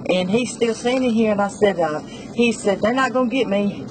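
A woman's voice: mid-range voice, moderate pace, noisy background. A woman, a store clerk telling a news interviewer her story and acting out the dialogue. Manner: animated storytelling, acts out dialogue.

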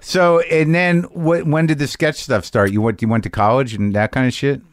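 A man hosting a podcast, asking curious questions and chiming in with quick jokes. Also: mid-range voice, fairly even intonation, dry recording. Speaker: podcast host. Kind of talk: casual chat.

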